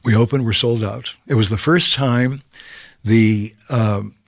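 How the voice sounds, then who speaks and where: Older male guest from Canada, relaxed storyteller, lowish voice, dry close sound. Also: measured pace, creaky, no echo. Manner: lively raconteur who acts out quotes and keeps tagging okay?. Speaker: guest telling stories. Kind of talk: casual anecdotal storytelling.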